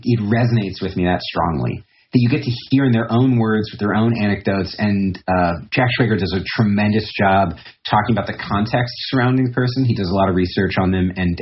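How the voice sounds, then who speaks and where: Deep-voiced male podcast guest, loose and rambling, muffled sound. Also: slight background noise. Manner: rambling, reflective, many fillers and restarts. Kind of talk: casual interview talk.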